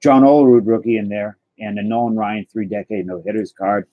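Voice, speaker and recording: A man's voice: fairly low pitch, steady tone, fairly quick, no echo, muffled recording. A man hosting a casual livestream, chatting and answering his viewers as he goes. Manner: chatty, answers chat messages aloud, stumbles and restarts. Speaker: livestream host opening trading cards.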